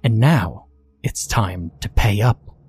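A man voicing a calm, smug young male conjurer who mocks patiently. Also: fairly low pitch, slow pace, breathy edge, soft background music, heavily acted.

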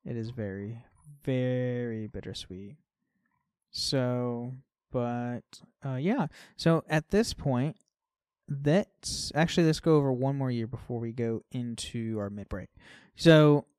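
Speaking slowly at medium pitch, this podcast co-host has a clear, resonant tone. He talks casually about a game, using "like" a lot and letting phrases drift off softly. It's studio quality with no room sound.

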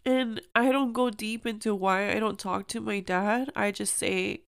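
A woman's voice: medium pitch, steady tone, a little slow, creaky, clear, resonant tone, dry recording. A young woman hosting a podcast, speaking earnestly and emotionally in a personal monologue, at times close to tears. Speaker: podcast host.

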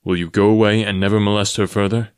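A man voicing a stern, calm strong man raised in the wild, in an audiobook. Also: on the low side, quick pace, clear, resonant tone, lightly acted.

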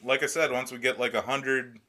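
A man's voice: mid-range voice, little pitch movement, brisk, sharp tone. A man co-hosting a casual podcast with friends, telling crude stories and laughing often. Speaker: podcast co-host. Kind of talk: casual chat among friends.

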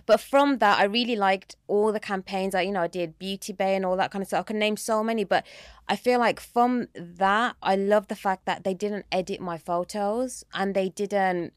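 A woman's voice: medium pitch, steady tone, moderate pace, no room sound. Chatty young woman, dry sound. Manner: chatty, uses many fillers like "like" and "you know". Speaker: guest. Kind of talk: casual chat.

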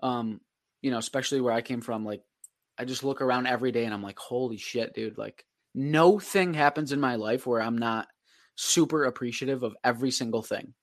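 A man's voice: medium pitch, fairly quick. A man co-hosting a casual podcast, laid-back and reflective, using easygoing slang. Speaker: podcast co-host, real estate agent.

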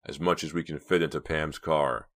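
A man's voice: very deep voice, little pitch movement, normal speed, fairly bright tone. A man voicing a cold, irritable teenage boy who gives warnings. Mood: tense.

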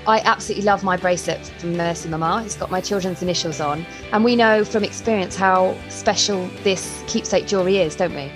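A woman's voice: fairly low pitch, a little fast, few pauses. Lady podcast host, chatty and giggly, teases herself, video call, bit of music behind. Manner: chatty, giggly, self-deprecating. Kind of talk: casual chat.

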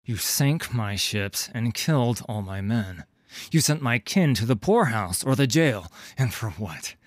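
A man voicing a menacing tattooed male corsair, gruff and snarling. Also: medium pitch, very animated, unhurried, no echo. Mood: bitter.

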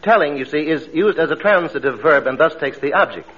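An actor playing a pompous, fussy theater manager who speaks grandly and stammers, in 1940s radio comedy style. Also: male voice, fairly high pitch, expressive, fairly quick, a crowd in the background, lightly acted. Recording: dull old radio broadcast with audience laughter.

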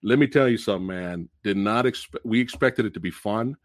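A man hosting a movie review podcast, ranting loudly and profanely with bursts of shouting. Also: fairly low pitch, a little fast, no echo. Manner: animated, emphatic delivery. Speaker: podcast host.

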